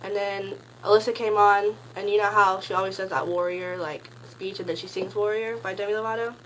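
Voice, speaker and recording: A teenage girl telling a story in a casual vlog, gushing and rambling, packing her sentences with "like" and jumping into excited high squeals. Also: a little fast, slight background noise, low-quality recording. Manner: gushing, rambling, heavy use of "like"; bursts into high excited squeals when quoting. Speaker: concert fan recounting a meet and greet.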